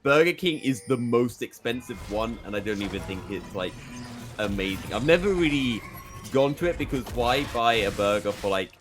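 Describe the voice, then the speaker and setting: A young British man casting esports play-by-play, excitable and rising sharply during fights. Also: mid-range voice, normal speed. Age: young adult. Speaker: esports caster. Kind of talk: play-by-play commentary. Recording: music playing behind.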